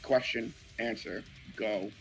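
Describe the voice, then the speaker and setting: A man voicing a cold, menacing man who collects blood in vials, speaking in curt, flat threats. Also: fairly low pitch, slow, gravelly, soft background music, pitched below the performer's own voice, full character voice, poor audio.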